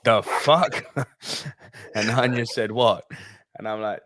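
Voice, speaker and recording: Animated British man telling a story. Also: no room sound, studio quality. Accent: British English. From England. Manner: animated storytelling, swearing, quick pitch jumps. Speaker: podcast co-host. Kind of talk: casual chat.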